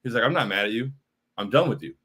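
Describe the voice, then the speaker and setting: A man's voice: medium pitch, expressive, fast, pushed and bright, breathy edge. A young man hosting a postgame livestream, frustrated and repetitive, often saying bro while reacting to chat. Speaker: postgame show host.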